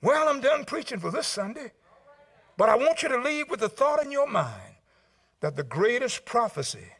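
A man preaches in church. His voice sits high and carries a gravelly fry. He swings from fervent shouts down to low, quiet phrases. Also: lively intonation, a little fast. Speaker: pastor. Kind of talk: sermon.

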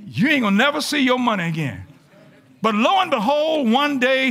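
A man, a pastor, preaching a folksy, animated sermon to his congregation in church, sometimes rising to shouts. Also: extremely high pitch, moderate pace. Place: church sanctuary.

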